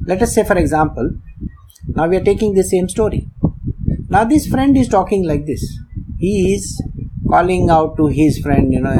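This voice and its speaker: A man's voice: high-pitched, lively intonation, moderate pace. A man gives a devotional discourse, explaining points with everyday examples and acting out little dialogues. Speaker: spiritual teacher. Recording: noisy recording with clicks.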